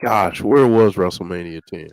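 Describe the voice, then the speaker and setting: Low smooth dry-voiced man. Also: moderate pace, dry recording. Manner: relaxed, chimes in with agreement and recollections. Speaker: co-host of a wrestling watch-along. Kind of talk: casual chat.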